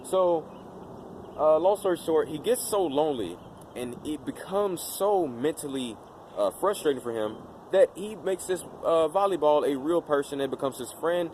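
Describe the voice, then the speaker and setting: A man's voice: on the high side, expressive, moderate pace, a little mellow, a little hiss or hum. A man vlogging in casual talk to his camera, rambling with lots of fillers and restarts. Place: outdoors in daylight.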